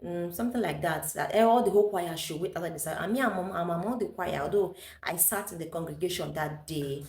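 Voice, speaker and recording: A woman's voice: on the low side, quick pace, a little mellow, roomy sound. Nigerian woman telling a personal story. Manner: chatty, mixes in Pidgin English, laughs often. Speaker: vlogger.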